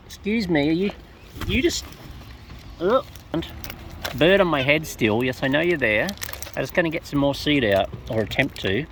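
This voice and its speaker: A woman's voice: low-pitched, lively intonation, normal speed. A woman talking baby-talk to the wild birds she is feeding, in a casual, cooing way. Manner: coos and baby-talks to birds. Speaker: bird feeder filming wild birds. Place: outdoors among birds. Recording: noisy outdoor recording with birds.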